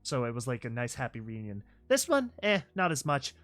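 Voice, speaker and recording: Storytime reactor reading slides out loud, bouncy swinging pitch, gets loud and shocked a lot. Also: a little fast, faint music behind. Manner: excitable, yells in disbelief, mild swearing.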